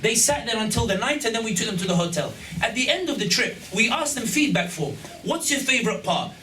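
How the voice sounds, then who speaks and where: A high-voiced man tells stories to an audience, jokey and animated, acting out each line of quoted dialogue. He is picked up from a distance in an echoey hall, with a faint hum underneath. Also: fairly quick, few pauses. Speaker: event speaker. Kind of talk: humorous storytelling talk.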